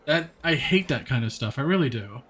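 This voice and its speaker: Streaming a game live, this man chats with viewers and reads the game's text out loud. His mid-range voice is animated and fairly bright, moving along fairly quickly. He responds to chat and reads the narration plainly, keeping things chatty.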